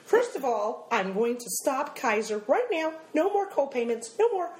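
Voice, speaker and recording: A woman voicing her tiny, furious older mother, shrill and indignant, breaking into sing-song when angry. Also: big pitch swings, rapid-fire, mellow. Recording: echoey room.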